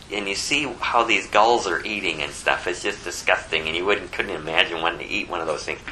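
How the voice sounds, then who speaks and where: A man's voice: lowish voice, bright, forceful tone, a little hiss or hum, rough recording. A man giving a casual Bible teaching, rambling with conversational asides. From Phoenix area. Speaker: preacher.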